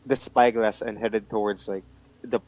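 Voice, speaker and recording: A man's voice: fairly low pitch, flat delivery, normal speed, a little mellow, dull audio. A man playing a tabletop game, thinking aloud with trailing restarts. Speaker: player. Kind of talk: casual tabletop game play.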